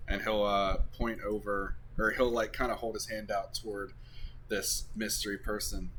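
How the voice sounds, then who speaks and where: A man's voice: lowish voice, level tone, normal speed, pushed and bright, a little hiss or hum. A man playing in a tabletop game over a voice call, laid-back and joking. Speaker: player. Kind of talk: casual tabletop game talk.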